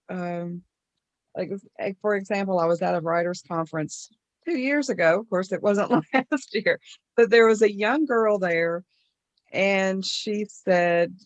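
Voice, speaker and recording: A woman mystery author on a panel, speaking in an unhurried, thoughtful way with frequent fillers. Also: fairly low pitch, dry recording. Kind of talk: casual panel discussion.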